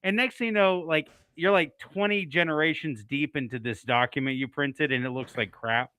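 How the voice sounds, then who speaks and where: A man in casual chat, working his ideas out aloud with lots of fillers. His voice is smooth and bright, a little above average in pitch. The sound is dry and close. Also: moderate pace, dry recording. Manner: rambling, thinks aloud with many fillers. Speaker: co-host.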